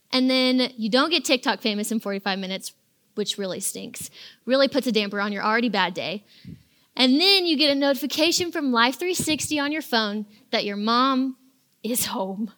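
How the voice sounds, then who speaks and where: Animated young woman telling a story. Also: sits high, moderate pace. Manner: animated, acts out little quoted lines. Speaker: speaker addressing teens. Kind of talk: casual storytelling talk to a youth audience.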